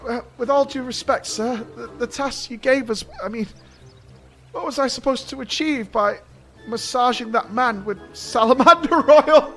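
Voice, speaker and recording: A man's voice: extremely high pitch, moderate pace, bright, forceful tone, faint music behind, full character voice. A man reading out the lines of a timid young soldier, hesitant and stammering. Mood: nervous.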